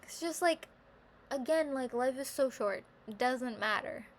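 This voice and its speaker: A woman talking to camera in a casual vlog monologue, rambling and self-reflective, peppering her speech with "like" and turning animated when she quotes her own thoughts. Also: high voice, unhurried, slight background noise. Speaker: vlogger.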